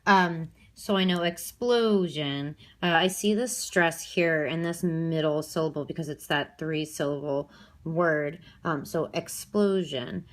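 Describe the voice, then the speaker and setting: A woman's voice: low-pitched, little pitch movement, measured pace, a bit bright. A woman teacher giving a recorded review lesson, explaining step by step with frequent fillers and "okay?" check-ins.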